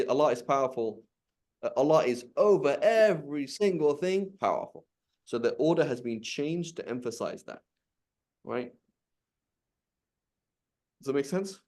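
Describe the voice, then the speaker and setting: A man's voice: mid-range voice, dark tone. A man teaching an Arabic language class, patiently asking questions and repeating key points. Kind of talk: live online class teaching.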